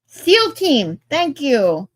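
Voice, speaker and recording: A woman's voice: high voice, huge pitch swings, extremely slow, no echo. A sleep-deprived woman hosting a livestream, chatting loosely and reading viewer comments aloud. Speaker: livestream host. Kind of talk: casual chat with live viewers.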